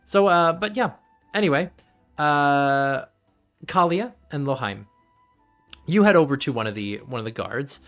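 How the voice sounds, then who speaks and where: A man's voice: fairly high pitch, expressive, measured pace, pauses often, a bit bright, soft background music. A man running a tabletop game as game master, rambling and laughing as he corrects himself.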